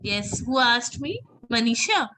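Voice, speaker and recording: A woman teaching an online French class, patiently repeating words slowly so students can drill them. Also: fairly high pitch, very animated, sharp tone, slight background noise, low-quality recording.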